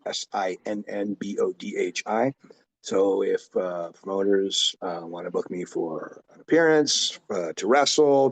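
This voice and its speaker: A man in his forties, a pro wrestler and coach, telling rambling stories in a casual interview, full of fillers and asides. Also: fairly low pitch.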